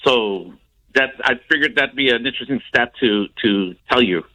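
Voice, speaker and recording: A male caller rambles through his point with plenty of ums and uhs. His voice has a bright, forceful tone and sits at a medium pitch. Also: normal speed, poor audio. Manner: rambling, hesitant, with many fillers. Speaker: radio caller. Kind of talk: casual phone call.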